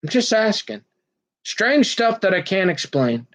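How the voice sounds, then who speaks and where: Guy rambling on and on, kinda high voice, keeps restarting his sentences. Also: sing-song, measured pace, a bit bright. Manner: rambling, repeats words and restarts often; earnest and agitated, jumps between topics. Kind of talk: rambling personal monologue.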